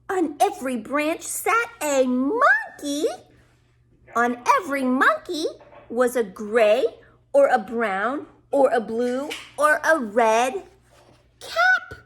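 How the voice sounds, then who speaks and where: High, lively woman reading a children's story. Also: takes it slowly, noisy background. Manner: expressive, gasping and asking the listeners questions. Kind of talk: children's story read-aloud.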